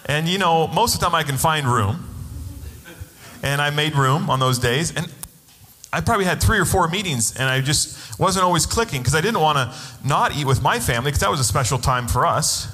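Pastor preaching in a reverberant hall. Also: male voice, fairly high pitch, lively intonation, a little fast, pushed and bright. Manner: storytelling, acts out quoted voices. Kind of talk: sermon with personal story.

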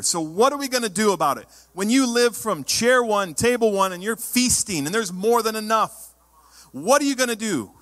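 A man preaching a sermon as pastor, emphatic, sometimes rising to loud exhortation. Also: sits high, long reverb tail.

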